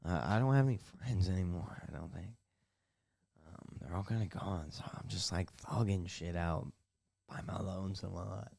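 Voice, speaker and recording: A man's voice: low voice, normal speed, creaky, darkish tone. A young man hosting a casual solo podcast from his bathtub, telling a rambling, profane, self-mocking story. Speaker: podcast host. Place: bathtub at home.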